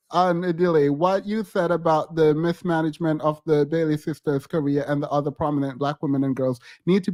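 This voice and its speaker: A man co-hosting a casual live-stream commentary, animated and laughing as he mocks chat commenters. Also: fairly high pitch, no room sound.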